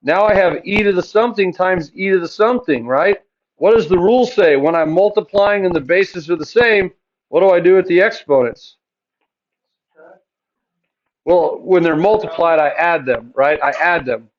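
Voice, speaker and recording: A man's voice: high voice, normal speed, highs cut off, a little hiss or hum. A man teaching a math class, chatty and joking, asking his students questions and answering them himself.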